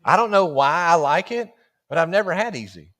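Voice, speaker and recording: Man, folksy preacher, storytelling sermon, animated, fairly high voice. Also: a little fast. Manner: folksy, animated, acts out dialogue with laughs. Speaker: guest preacher.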